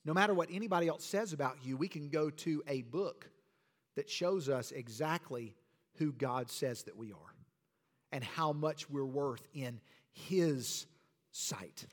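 A man's voice: on the high side, measured pace. A man preaching a sermon to his church with emphatic, rhetorical delivery. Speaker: pastor.

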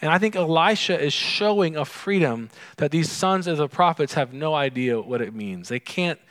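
A man's voice: fairly high pitch, lively intonation, moderate pace, fairly bright tone. A man preaching a recorded sermon alone in an empty room, earnest and conversational, with asides to his listeners. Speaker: pastor. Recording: long reverb of an empty room.

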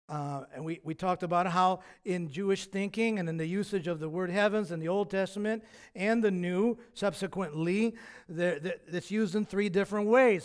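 A man with a slightly higher-than-usual voice delivers a sermon as a pastor. His preaching is reflective and conversational. He often stumbles and restarts mid-phrase as he works through his points.

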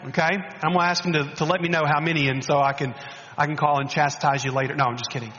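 A man preaching a sermon as a guest speaker, animated and coaxing, often restarting and repeating words. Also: on the high side, fast talker, in a large hall, highs cut off.

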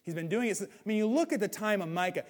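High-voiced preacher with hall echo. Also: male voice, quick pace. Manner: animated, swings from loud to hushed, acts out quotes. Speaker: pastor. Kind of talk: sermon. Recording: hall reverb.

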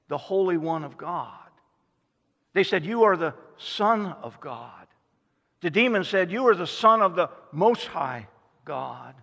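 In a large hall, a pastor with a slightly high, sharp-toned voice preaches a sermon. He tells stories, acting out the voices of the people he quotes.

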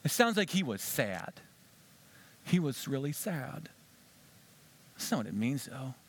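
A male preacher delivering a sermon as dramatic storytelling, swinging from hushed whispers to shouting and asking listeners direct questions. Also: mid-range voice, big pitch swings, unhurried.

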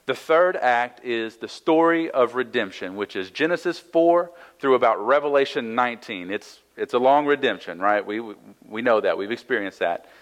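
Guy preaching a bible study sermon, chatty, keeps asking right?, mid pitch. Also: expressive, normal speed, few pauses, poor audio. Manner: conversational, frequent "right?" asides and restarts; reads scripture aloud then explains it. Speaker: pastor.

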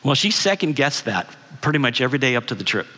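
A man's voice: medium pitch, big pitch swings, fast talker, pushed and bright. A middle-aged man giving a guest sermon, telling a family story in a conversational way and asking the audience questions. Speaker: guest speaker. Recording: long hall reverb.

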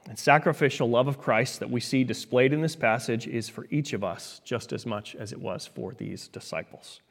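A man preaching a sermon with earnest, rising and falling emphasis. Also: medium pitch. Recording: long reverb of a large hall.

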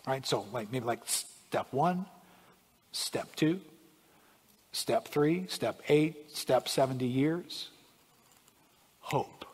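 A male pastor preaching a sermon, swinging from hushed lines to shouts. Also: a little high, animated, measured pace, husky. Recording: long hall reverb.

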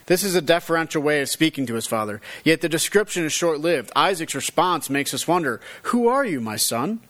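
A man's voice: on the high side, fairly bright tone. A man reading a Bible passage aloud and then explaining it verse by verse as a teacher, giving the quoted dialogue rising and falling emphasis. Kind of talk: scripture reading and commentary.

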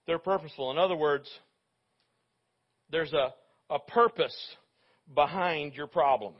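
A man's voice: a little high, measured pace, slightly rough. A male pastor preaching a sermon in a conversational way, with joking asides to his congregation. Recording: dull lo-fi recording.

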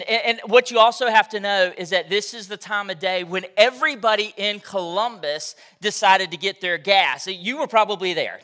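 Male pastor, conversational sermon delivery, high voice, y'all-ing the crowd. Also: bright, forceful tone.

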